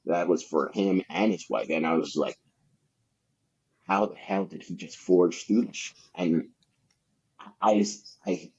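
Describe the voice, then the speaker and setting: A man with a very low, husky voice rambles through his sales stories as a podcast guest, casual and profane, full of fillers. The recording sounds dull and lo-fi. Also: takes it slowly, long pauses, darkish tone. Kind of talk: casual anecdotal storytelling.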